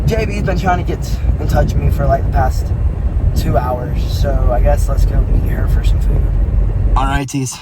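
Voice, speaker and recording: Man telling a story over loud traffic. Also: mid-range voice. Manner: animated, retelling quarrels with quoted voices. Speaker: vlogger. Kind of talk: casual vlog storytelling. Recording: distant mic, loud street and car noise.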